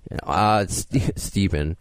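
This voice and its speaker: A man's voice: deep voice, a little slow. Rambling New man hosting a podcast. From Queens, New York. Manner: self-deprecating, rambling with restarts. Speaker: podcast host. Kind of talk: casual podcast chat.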